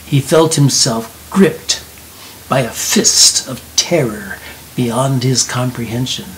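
A man narrates a storybook in a slow, gentle reading voice. He often lowers to a near whisper on quiet moments. A faint steady hiss sits under the recording. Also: rough recording.

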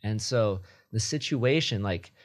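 A man's voice: fairly low pitch, animated, a little slow. A man speaking as a podcast guest, a yoga teacher talking reflectively and matter-of-factly in casual conversation. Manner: reflective, frequent restarts, matter-of-fact.

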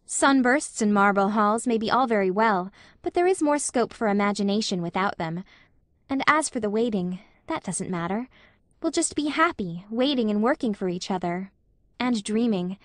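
A woman reading the lines of an imaginative, affectionate young woman, with soft, emotional delivery. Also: medium pitch, animated, moderate pace, dry recording, studio quality, lightly acted. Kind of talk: audiobook character reading.

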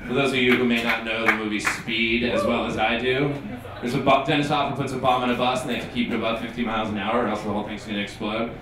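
A man hosting a stand-up comedy show on a bar stage, with animated, energetic patter. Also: medium pitch, fast talker, noisy background. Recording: echoey bar from a distance.

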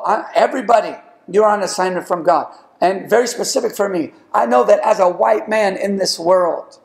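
A man's voice: sits high, creaky, roomy sound. A man preaching a sermon as pastor, emphatic, with rising calls to the congregation. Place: church sanctuary.

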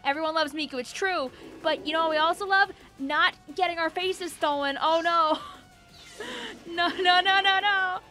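High, bright, excitable woman gamer. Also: moderate pace, soft background music. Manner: excitable, joking, talks to the game characters. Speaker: gaming channel host. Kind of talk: let's play commentary.

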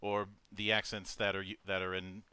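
A man from Minnesota hosting an interview, speaking in a halting way with many restarts and ums. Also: deep voice, little pitch movement, pushed and bright, smooth, no room sound. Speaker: host. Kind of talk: casual interview chat.

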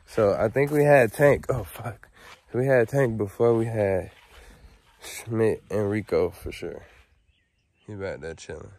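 A man vlogging outdoors on his rural property, talking in a laid-back, slangy way and calling loudly to his dog. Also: on the low side, unhurried, pauses often. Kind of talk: casual outdoor vlog.

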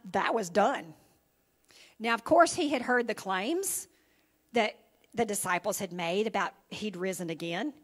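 A woman pastor preaches a church sermon in a conversational way, reading scripture and then talking it through with her listeners. Her voice sits a little higher than most women's. She often pauses to check that they are following. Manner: conversational preaching with frequent "okay?" and "right?" check-ins. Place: church sanctuary.

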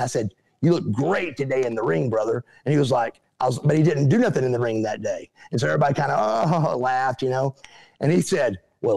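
A middle-aged man, a guest telling animated stories and acting out what people said. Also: a little high, vocal fry. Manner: animated, acts out quotes in other voices. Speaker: interview guest, former pro wrestler. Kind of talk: casual storytelling.

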